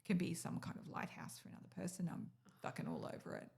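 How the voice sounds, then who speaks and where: A woman hosts her own podcast and tells stories in loose, casual chat. Her voice has a gravelly edge, and she swears freely. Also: fairly low pitch, fast talker. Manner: swearing, storytelling, animated when mimicking friends. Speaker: podcast host.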